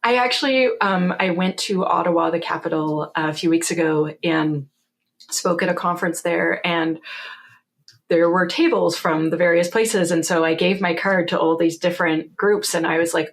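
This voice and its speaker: A woman with a Canadian accent, speaking in a fairly low register. She is in her forties and chats as an interview guest, animated and quick to laugh, often slipping into dry quotes of what she told people. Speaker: guest, security author. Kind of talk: casual interview storytelling.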